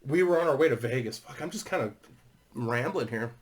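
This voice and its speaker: A man's voice: mid-range voice, animated, fairly quick. A man telling a long rambling story to his viewers, swearing constantly and laughing as he goes. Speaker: YouTuber.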